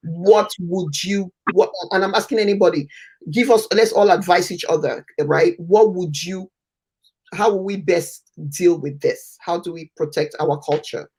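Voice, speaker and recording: A woman's voice: lowish voice, measured pace, a little mellow, slightly rough. A woman from Cameroon, hosting a live online chat show and inviting guests to weigh in. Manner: inviting, prompting questions, laughs often. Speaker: host.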